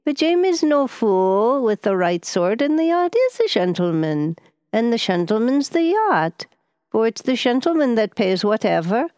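A woman voicing a slow, cunning old Highland boatman with a Scottish Highland accent, in audiobook narration. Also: very animated, a little mellow, no room sound, clean studio sound. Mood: sly. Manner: slow, sly, lilting Highland speech. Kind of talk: audiobook character voice.

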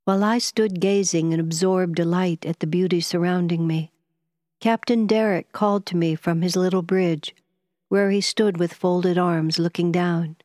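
A woman with a lowish voice reads an audiobook, telling the story in a measured and expressive manner. The recording has studio quality and no room sound.

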